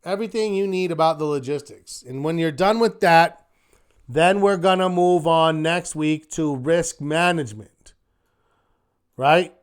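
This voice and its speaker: A man leads a live online trading class in an upbeat, encouraging way, firing off rhetorical questions like a checklist. His voice sits a little high and comes through smooth and crisp. He takes his time, talking at an unhurried pace. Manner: upbeat, encouraging, quick asides to students. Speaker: trading instructor hosting a weekly market wrap.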